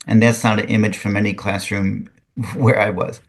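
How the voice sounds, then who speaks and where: An older man, a retired physics teacher, reads a student's poem aloud with a lively sing-song lilt and adds drier spoken asides. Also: lowish voice, moderate pace, vocal fry.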